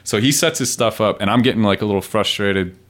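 A man's voice: on the low side, fast, a bit bright. A man, a street poet guest on a podcast, telling stories in loose, profane, rambling casual chat.

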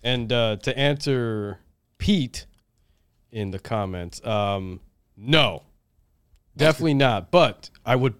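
A man's voice: mid-range voice, expressive, slow pace, pauses often, clean tone, no echo. A man co-hosting a podcast, joking around and reading comments. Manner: joking, laughs often. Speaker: podcast co-host. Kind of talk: casual chat.

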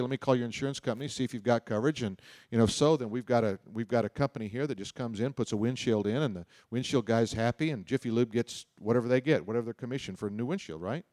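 A man's voice: mid-range voice, darkish tone, no room sound, clean studio sound. A middle-aged man preaching a sermon in a loose, conversational storytelling way, often repeating himself and adding asides. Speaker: pastor. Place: church auditorium.

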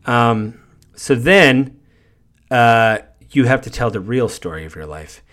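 A man's voice: medium pitch, expressive, slow pace, a bit bright. A man hosting a podcast, casually recounting a video game's story in a meandering, conversational way. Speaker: podcast host.

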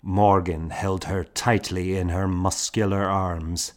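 A man narrating a story in a measured storytelling manner. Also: low voice, little pitch movement. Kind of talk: scripted narration.

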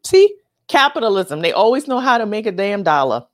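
A woman hosting a show, talking casually and comedically with animated, excitable jumps in her voice. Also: mid-range voice, quick pace. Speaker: host.

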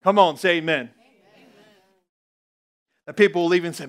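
A man preaching a lively sermon as pastor, reading scripture aloud and laughing at himself now and then. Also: high voice, moderate pace, pauses often. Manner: energetic, reads scripture aloud and laughs at his own stumbles.

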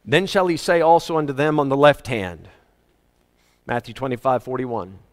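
A man preaching a sermon to his congregation, emphatic and animated, with joking asides. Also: mid-range voice, normal speed. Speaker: pastor. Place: church hall. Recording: reverberant church hall.

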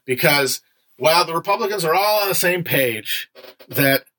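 A man's voice: on the high side, lively intonation, normal speed, sharp tone. A young man hosting a casual livestream book discussion, chatty and digressive, with frequent fillers and some swearing.

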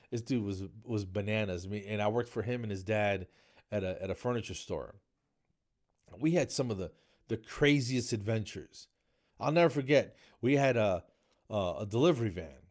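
A man's voice: fairly low pitch, normal speed, long pauses, a little mellow. A man around fifty giving a rambling, mocking comedy monologue, tagging lines with "man" and "dude.".

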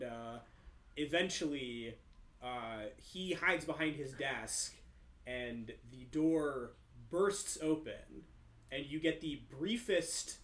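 Guy running a tabletop game, rambly and animated, echoey room. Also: mid-range voice. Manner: animated, rambling, many fillers. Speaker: game master. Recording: roomy echo.

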